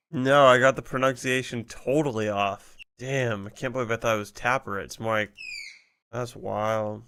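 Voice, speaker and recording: A man's voice: mid-range voice, a bit bright. A young man streaming games at home into a desk microphone, chatting casually and swearing often. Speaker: gaming streamer. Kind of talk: casual gameplay chat.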